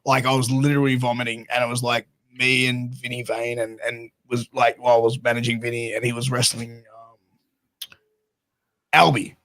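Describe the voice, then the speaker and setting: Male podcast host, medium pitch, dry close sound; loose, profane anecdote-teller. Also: normal speed, no room sound. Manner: profane, rambling, animated storyteller. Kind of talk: casual storytelling chat.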